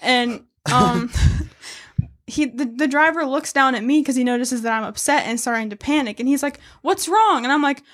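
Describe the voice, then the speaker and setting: A woman's voice: high-pitched, steady tone, normal speed, fairly bright tone. Laughing young woman telling stories. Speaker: podcast co-host. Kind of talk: casual chat.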